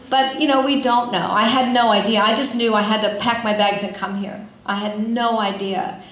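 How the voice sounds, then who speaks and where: A middle-aged woman from California giving an inspirational talk to a gathering, chatty and animated, often asking the audience questions. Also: fairly high pitch, unhurried. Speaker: spiritual speaker. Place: large room with an audience. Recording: echoey hall.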